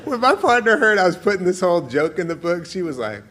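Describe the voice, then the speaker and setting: A man in his forties reading his own essay aloud to an audience, with playful, warm storytelling and frequent laughter. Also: high voice, big pitch swings, fast, hardly any pauses, some chatter behind, a little hiss or hum. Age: 40s. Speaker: author.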